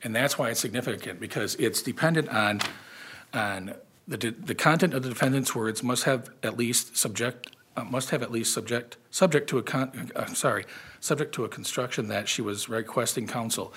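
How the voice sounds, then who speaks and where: A man presenting appellate oral argument for the state, earnest and halting, often restarting his sentences. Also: medium pitch, a bit bright, a little hiss or hum. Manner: earnest, halting, repeats words. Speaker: state's attorney.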